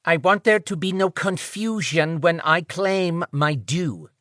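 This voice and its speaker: A man's voice: on the high side, expressive, takes it slowly, sharp tone, no room sound, clean studio sound, pitched above the performer's own voice, full character voice. A man voicing a nasal-voiced male captive who greedily demands freedom and immortality. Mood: demanding. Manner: insistent, grasping.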